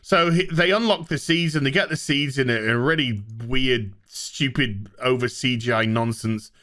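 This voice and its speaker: A man's voice: mid-range voice, moderate pace, sharp tone. A man recapping a TV episode in a sarcastic, exasperated, profane comedic rant. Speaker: TV show reviewer.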